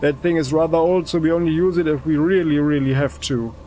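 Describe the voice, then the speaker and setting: A man voicing a nervous male clerk in a game who blurts out shouted words and then apologizes meekly. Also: fairly high pitch, fairly even intonation, fairly quick, slight background noise, lightly acted. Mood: sheepish.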